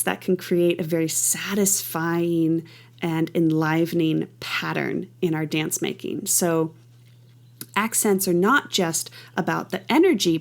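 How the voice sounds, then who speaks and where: A middle-aged woman teaching a movement class with enthusiasm, counting beats and making playful rhythmic sounds. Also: on the low side. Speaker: dance teacher.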